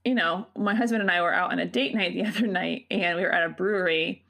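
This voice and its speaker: A woman in her thirties co-hosting a podcast, chatting casually and telling rambling, animated stories. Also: lowish voice, quick pace, gravelly. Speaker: podcast co-host. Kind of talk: casual chat.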